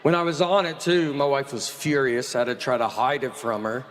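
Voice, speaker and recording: Deadpan man telling stand-up stories. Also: medium pitch, brisk. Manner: deadpan, drawling storytelling. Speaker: stand-up comedian. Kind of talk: stand-up comedy set. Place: live venue with audience. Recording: live audience noise.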